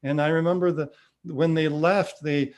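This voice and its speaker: A man's voice: on the high side, fairly even intonation, moderate pace, a little mellow. Earnest middle-aged man sharing testimony. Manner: earnest storytelling with restarts, acting out quoted dialogue. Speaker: devotional speaker. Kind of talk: spiritual testimony talk.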